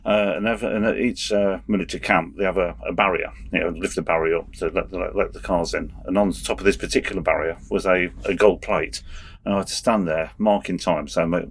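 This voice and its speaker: A middle-aged man with a very deep voice tells an anecdote on a podcast. He speaks haltingly, restarts his sentences often and breaks into chuckles. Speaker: guest, race official and former soldier. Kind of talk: anecdotal storytelling.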